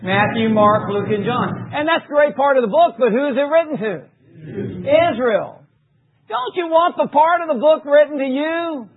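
A man preaching a sermon, reading scripture emphatically and dropping low for asides. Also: moderate pace. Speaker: pastor. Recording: tinny phone-like recording.

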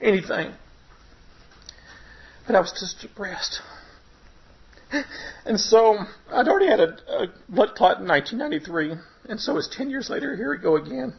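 A man telling his personal faith testimony to a congregation, emotional, his voice rising and breaking at the high points. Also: expressive, normal speed, gravelly, long pauses. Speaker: preacher giving testimony. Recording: dull lo-fi recording.

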